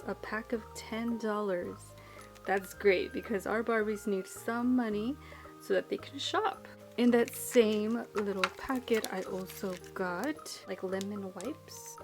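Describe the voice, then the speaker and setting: A woman narrating a toy unboxing in a chatty, excitable way. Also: medium pitch. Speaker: toy channel host.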